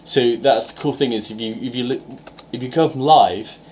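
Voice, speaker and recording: A man's voice: mid-range voice, moderate pace, a little mellow, slight background noise. A young English man co-hosting a casual game podcast, rambling with fillers and restarts. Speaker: podcast co-host reviewing games.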